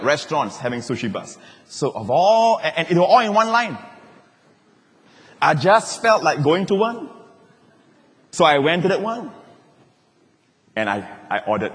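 A man preaching a sermon as a pastor, telling stories in an animated way and acting out the voices he quotes. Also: a little high. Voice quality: animated, acts out quoted voices, laughs as he talks. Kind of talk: sermon with personal storytelling. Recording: long reverb of a large hall.

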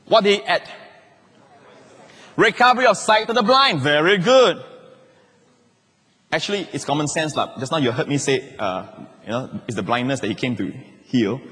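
A male pastor, preaching a lively sermon with jokes and sudden shouted quotes. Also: on the high side, big-room sound.

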